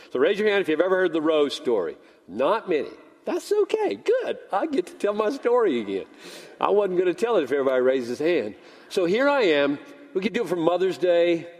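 An older male pastor delivers a sermon with a fairly high, animated voice, acting out both sides of a story's dialogue. His voice rings out with a long reverb in a church sanctuary.

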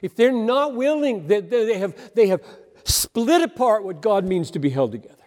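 A man preaching a sermon on a Bible passage, earnest and emphatic, with deliberate pauses between phrases. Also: high-pitched, animated, darkish tone. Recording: long hall reverb.

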